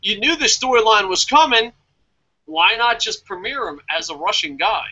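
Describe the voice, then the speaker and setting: High, animated man telling jokey stories. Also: normal speed, muffled recording. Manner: animated storyteller, acts out quotes, profane. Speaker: podcast co-host. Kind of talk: casual wrestling podcast chat.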